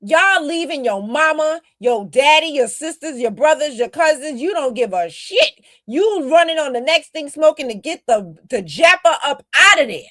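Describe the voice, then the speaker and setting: A woman's voice: high-pitched, animated, moderate pace, fairly bright tone, no echo, clean studio sound. A woman co-hosting a podcast, giving emphatic, scolding commentary aimed straight at her critics. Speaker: podcast co-host. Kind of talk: casual commentary.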